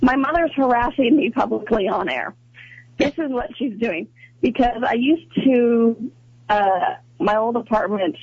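A woman co-hosting a radio talk show, chatty and quick to laugh, with many fillers. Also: on the high side, husky, no room sound, lo-fi sound. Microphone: studio microphone.

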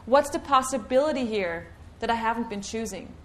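A woman leading a live workshop, coaching with questions and sinking into a quiet low murmur for a repeated clearing chant. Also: animated, brisk. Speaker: workshop facilitator.

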